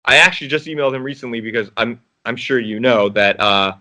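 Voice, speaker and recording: A man's voice: mid-range voice, fast talker, bright, forceful tone, muffled recording. A man, an actor guest, chatting casually in an interview, rambling with restarts and frequent laughs.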